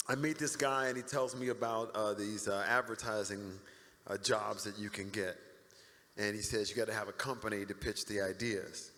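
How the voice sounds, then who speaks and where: Middle-aged male panel guest, bright animated storyteller, big hall echo. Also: lowish voice. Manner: animated storyteller acting out quoted people. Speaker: interview guest. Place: large convention hall. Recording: reverberant hall.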